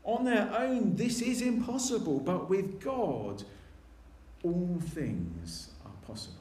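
A man delivering a chatty sermon, his voice sitting high for a man. He slips into little acted voices for the people he quotes. The room around him rings with church echo. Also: very animated, slow pace, darkish tone. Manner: conversational, acts out quoted voices. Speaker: preacher.

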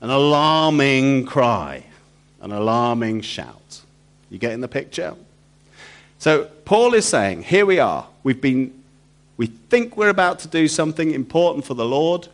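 A man's voice: fairly high pitch, very animated, moderate pace. A man preaching a sermon, emphatic and repetitive, throwing rhetorical questions to the congregation.

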